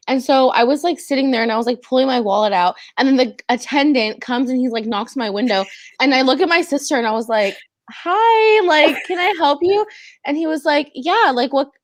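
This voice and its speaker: A woman's voice: sits high, fast talker, no room sound, studio quality. A young woman hosting a livestream, chatting casually and laughing often, filling her talk with "like". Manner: chatty, giggly, full of "like". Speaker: stream host.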